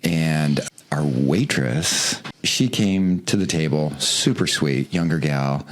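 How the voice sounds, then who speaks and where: A man's voice: extremely low pitch, slow pace. A man co-hosting a casual real estate talk show, telling stories and acting out the people he quotes. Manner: animated storyteller, acts out quoted voices. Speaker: real estate agent, podcast co-host. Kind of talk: casual chat.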